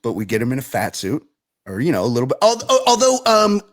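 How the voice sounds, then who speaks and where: A man's voice: mid-range voice, huge pitch swings, fast talker. A man co-hosting a podcast, ranting in casual chat with lots of profanity. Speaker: podcast co-host.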